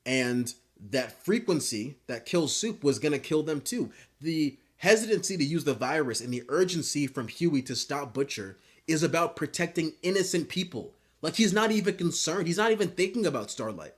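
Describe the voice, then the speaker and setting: Husky man ranting in frustration. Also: a little high, lively intonation, normal speed, hardly any pauses. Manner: frustrated, profane, stammering restarts. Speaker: TV show critic. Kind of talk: ranting video commentary.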